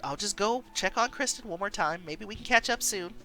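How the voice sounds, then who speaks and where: A woman reading as a gentle, caring young woman. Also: mid-range voice, expressive, fairly quick, soft background music. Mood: sympathetic.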